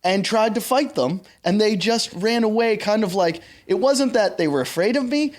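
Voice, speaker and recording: A man's voice: high voice, normal speed. A man hosting a casual comedy podcast, rambling through a drunken story and swearing a lot. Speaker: podcast host.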